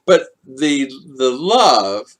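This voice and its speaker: Animated man chatting on a live stream. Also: medium pitch, very slow. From United States. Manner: animated, chuckles often, greets viewers by name. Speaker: vlogger hosting a live stream. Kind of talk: casual live-stream chat with viewers.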